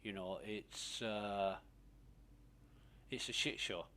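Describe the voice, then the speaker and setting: A man's voice: on the low side, fairly even intonation, slow, sharp tone. A man giving rambling, profane casual commentary while playing a game. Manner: rambling, profane, laughs easily. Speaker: gaming streamer.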